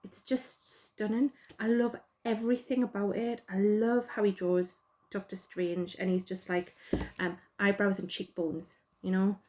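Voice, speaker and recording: A woman's voice: mid-range voice, flat delivery, measured pace, dark tone, slight background noise. A middle-aged woman with a Geordie accent, chatting casually and rambling as host, self-deprecating and full of fillers. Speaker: podcast host. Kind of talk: casual chat.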